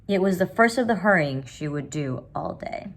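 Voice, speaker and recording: A woman reading a children's picture book aloud in an unhurried way, adding chatty asides for young listeners. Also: on the low side, expressive. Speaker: storyteller.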